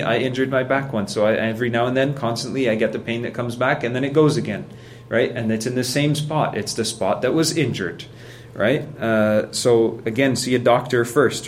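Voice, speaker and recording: A religious teacher gives a casual lesson in a conversational style, repeatedly asking "right?" and acting out how people react. His voice is mid-range, with a little hiss or hum in the recording.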